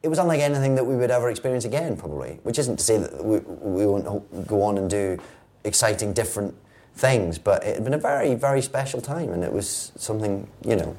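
A Scottish actor, a guest on a podcast, talking casually with wry, playful humor. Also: male voice, lowish voice, lively intonation, quick pace, darkish tone. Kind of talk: casual interview chat.

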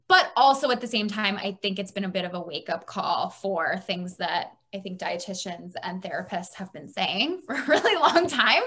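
A woman's voice: medium pitch, pushed and bright. A woman therapist speaking as a podcast guest, chatty and thinking aloud with many fillers. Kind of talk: casual interview chat.

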